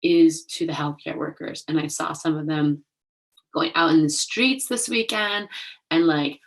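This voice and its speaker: A woman's voice: low voice, unhurried. A young woman hosting her own show in a casual, rambling way, leaning on "like", openly emotional and laughing at herself. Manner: chatty, rambling, heavy use of "like". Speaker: host. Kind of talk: casual solo show chat.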